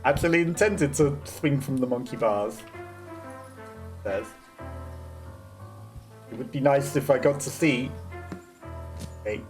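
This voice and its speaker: A man's voice: medium pitch, slow pace, pauses often, soft background music. A man casually commentating on his gameplay as a let's play host, chatting freely and laughing often between remarks.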